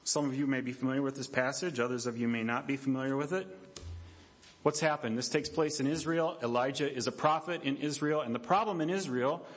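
A man, the pastor, preaching a sermon in a church, animated and conversational, dropping low and quiet for emphasis and acting out quoted voices. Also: a little fast. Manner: animated preaching, acts out quoted voices with big pitch jumps. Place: church sanctuary.

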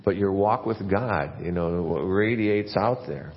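A low-voiced man preaches an earnest sermon, his voice climbing and swelling when he drives a point home. The church recording is dull and muffled. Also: unhurried, in a large hall. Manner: earnest preaching, rising and getting louder when stressing a point. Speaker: pastor.

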